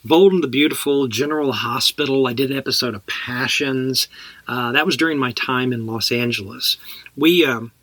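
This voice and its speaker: Middle-aged texas guy telling acting stories on a podcast, bright tone, dry mic. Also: mid-range voice, normal speed, dry recording. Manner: chatty, laughs while telling anecdotes. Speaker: actor guest. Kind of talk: casual podcast storytelling.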